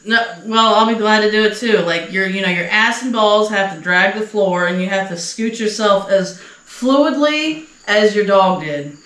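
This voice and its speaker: A woman's voice: medium pitch, normal speed, fairly bright tone. A woman hosting a casual podcast, joking crudely with friends and laughing often. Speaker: podcast host. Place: indoors at a friend's home. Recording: roomy echo.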